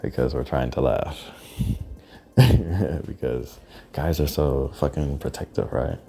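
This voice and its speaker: A man delivering a profane, rambling monologue as a podcast host, often dropping into hushed, breathy asides. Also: very deep voice, slow.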